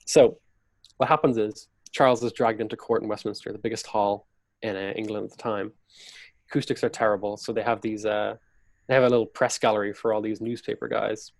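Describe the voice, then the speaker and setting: A man's voice: fairly low pitch, steady tone, fairly quick, vocal fry, no echo. Man vividly retelling history, dry sound. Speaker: podcast guest, historian. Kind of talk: conversational storytelling.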